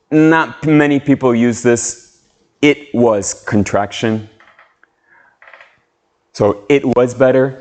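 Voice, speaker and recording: A man teaching an English lesson on video, speaking slowly and carefully as he models sounds and words. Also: medium pitch, animated, a little mellow. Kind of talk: slow, clear classroom video lesson.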